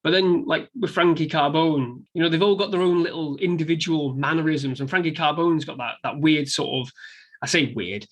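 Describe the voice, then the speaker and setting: A man in casual podcast chat about a film, animated and sweary, acting out lines from scenes. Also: on the high side, normal speed. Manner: animated, swears freely, acts out quotes. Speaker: podcast co-host.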